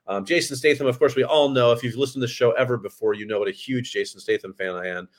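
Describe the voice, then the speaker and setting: A man's voice: medium pitch, fast. A man co-hosting a podcast, chatting casually about movies with stammers and frequent ums and likes. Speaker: podcast co-host. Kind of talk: casual chat.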